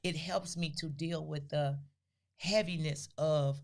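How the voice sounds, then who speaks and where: An older woman co-hosting a podcast, telling family stories in a casual, animated way and acting out the quotes. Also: low voice, slow pace. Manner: animated storyteller who acts out quotes. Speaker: podcast co-host. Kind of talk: casual storytelling conversation.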